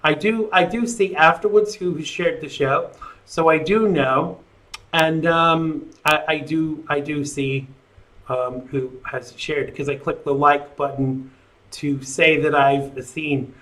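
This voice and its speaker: A man's voice: fairly high pitch, steady tone, slow, a bit bright. A man hosting a live call-in talk show, rambling casually and reading viewer comments aloud.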